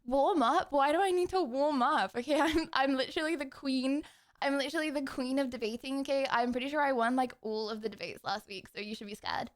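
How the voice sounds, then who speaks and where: A woman's voice: high-pitched, fairly quick, no echo, studio quality. A young woman streaming live, chatting casually and bubbly with her viewers and hosting debates. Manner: chatty, bubbly, self-teasing.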